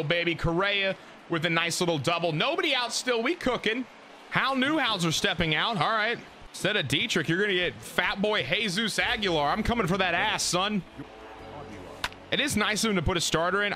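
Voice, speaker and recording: A man giving live gameplay commentary, excitable and full of profane trash talk. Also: sits high, moderate pace, a little hiss or hum. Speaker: gaming YouTuber.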